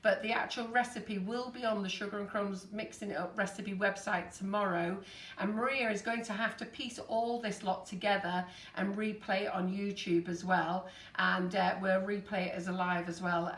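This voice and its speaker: A woman in her fifties hosting a live baking stream, chatting with viewers. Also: medium pitch. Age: 50s. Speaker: host. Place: busy studio kitchen. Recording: echoey kitchen, distant mic, faint noise.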